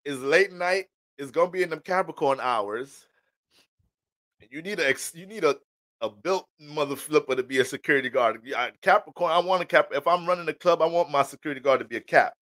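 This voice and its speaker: Guy doing a casual astrology reading, slangy and rambly, a bit high voice, dry close sound. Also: fairly quick, fairly bright tone, no room sound.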